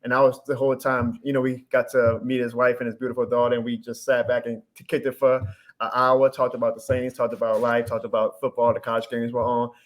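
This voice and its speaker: A man's voice: mid-range voice, brisk. A man in his thirties from New Orleans with a thick New Orleans accent, telling stories as a podcast guest in an upbeat, earnest way. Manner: animated storyteller, upbeat and earnest. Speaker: guest content creator. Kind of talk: casual podcast chat.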